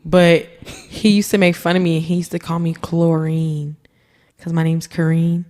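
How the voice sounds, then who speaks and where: A woman's voice: fairly low pitch, little pitch movement, moderate pace, darkish tone. A young woman from Texas, a podcast guest telling stories in a brash, profane, laughing way. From Texas, USA. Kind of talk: casual chat.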